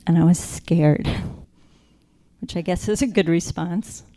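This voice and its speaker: A woman's voice: on the low side, warm tone. Earnest woman telling her faith story. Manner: earnest, reflective, slows down for emphasis. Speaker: speaker sharing her faith testimony. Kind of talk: personal testimony storytelling.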